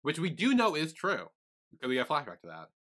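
A man's voice: a little high, huge pitch swings, quick pace, a bit bright. A man co-hosting a podcast, summarizing plot in an easygoing casual chat. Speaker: podcast co-host.

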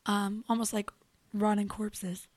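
A young adult woman co-hosting a show, telling a story in casual chat, animated and profane, acting out what people said. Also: mid-range voice, measured pace, dry recording. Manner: animated, profane, acts out quotes. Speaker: radio show co-host.

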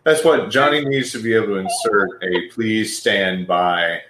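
A man's voice: lowish voice, measured pace. A man joking and laughing often as a guest on a casual podcast. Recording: echoey room with faint noise.

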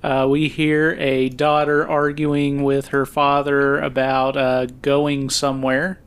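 A man's voice: mid-range voice, flat delivery, slow, smooth. A man co-hosting a casual film-review podcast, recapping the plot with fillers and frequent laughs. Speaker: podcast co-host.

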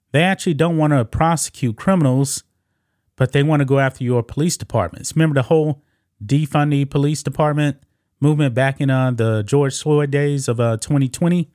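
A man's voice: a little high, a little mellow, no echo. Male commentary host, casual and scoffing, addresses viewers as guys, dry room. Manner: talks straight to viewers, calls them guys; reads news quotes aloud, scoffing.

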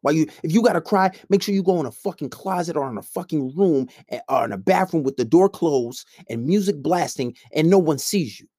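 A man's voice: a little high, animated, fairly quick, few pauses, mellow, dry recording, studio quality. Blunt, swearing male coach ranting. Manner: blunt, combative, heavy swearing. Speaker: men's coach. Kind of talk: profane ranting monologue.

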